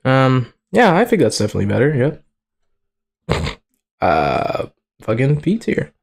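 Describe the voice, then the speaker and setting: This young man is streaming live, offering laid-back commentary in a medium-pitched voice that's husky, creaky, and unhurried. His speech is full of slang and profanity, and he laughs often with an excitable energy.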